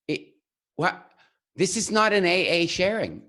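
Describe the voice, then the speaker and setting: A man tells a story from the stage, his voice sitting on the high side for a man. He is animated and acts out the people in his story with quick changes of voice, often laughing along. He sounds like a coach teaching public speaking. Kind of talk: storytelling keynote talk.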